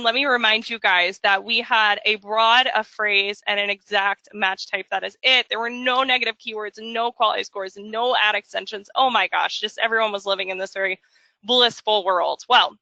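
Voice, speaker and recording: A woman presenting a marketing webinar in a jokey, chatty way, slipping into quick voices for asides. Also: on the high side, fairly even intonation, sharp tone, dry recording. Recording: dull, dry lo-fi audio.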